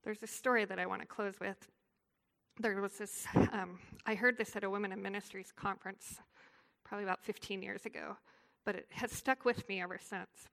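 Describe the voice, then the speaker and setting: A woman leads a devotional talk for a women's group, telling a story earnestly and then praying. Her voice sits at a middling pitch with a noticeable gravelly fry. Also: steady tone, a little fast, fairly bright tone. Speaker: women's ministry speaker.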